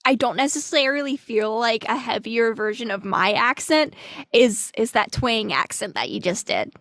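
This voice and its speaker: A woman hosting a podcast with a slight northern US accent and a fairly high voice. She is playful and quick with short replies. The sound is dry and close-miked. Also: animated, a bit bright, no room sound. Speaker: podcast host. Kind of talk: casual podcast chat.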